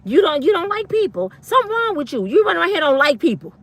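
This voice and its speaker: A woman's voice: extremely high pitch, sing-song, quick pace. Fiery, blunt woman in her fifties. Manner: blunt, fiery, profane, slangy. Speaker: online commentator. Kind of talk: ranting monologue.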